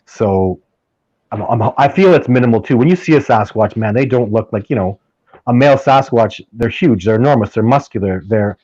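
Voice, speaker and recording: A man guesting on a casual interview, telling stories in an animated, emphatic way and often restarting his sentences. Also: on the low side, breathy edge, no echo. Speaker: podcast guest, field researcher. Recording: dull lo-fi dry sound.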